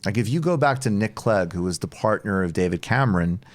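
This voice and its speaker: A man's voice: on the low side, lively intonation, brisk. A man hosting a political talk show, chatting loosely with a guest and using many fillers. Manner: loose, digressive, lots of "like" fillers. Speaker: podcast host. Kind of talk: political commentary chat.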